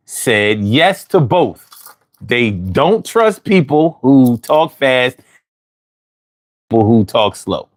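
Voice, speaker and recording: A man hosting a livestream, chatting casually and reading out viewer comments in a drawling, animated way. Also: medium pitch. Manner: drawling, animated, talks back to chat. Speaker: livestream host.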